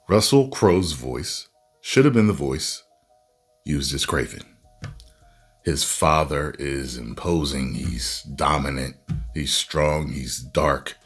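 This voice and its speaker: A man reviewing a movie in a casual video rant, animated and breaking into loud exasperated outbursts. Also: a bass voice, breathy edge.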